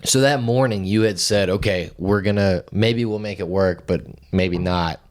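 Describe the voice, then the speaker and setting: A man's voice: low-pitched, normal speed, slight background noise. A man co-hosting a podcast in casual chat, laid-back, mostly giving short replies and dry quips.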